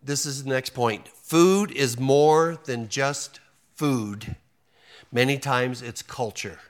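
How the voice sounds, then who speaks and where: A man's voice: medium pitch, takes it slowly. A male pastor delivering a sermon in a church, with a folksy, humorous manner. He acts out short bits of dialogue for the congregation and often restarts his sentences mid-thought. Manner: folksy and joking, acts out quotes, frequent restarts.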